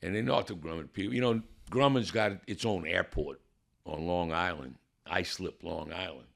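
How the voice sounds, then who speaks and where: A man's voice: deep voice, normal speed, gravelly. A man telling a personal story with drama, building suspense and acting out the people in it. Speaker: guest telling his testimony.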